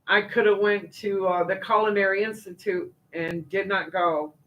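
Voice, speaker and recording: Older woman, livestream host, loose folksy chat, lots of fillers and asides, mid-pitched voice. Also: fairly even intonation, moderate pace, fairly bright tone, lo-fi sound. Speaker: livestream host reading viewer comments. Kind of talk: casual chat.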